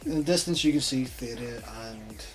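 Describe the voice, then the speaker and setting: A man's voice: mid-range voice, normal speed, soft background music. Laid-back man running a tabletop game. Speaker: game master.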